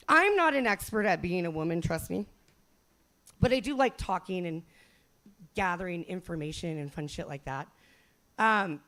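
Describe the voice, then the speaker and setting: Gravelly, brash stand-up woman. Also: medium pitch. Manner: brash, profane and self-mocking, with loud shouted bits. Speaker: stand-up comedian. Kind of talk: stand-up comedy set.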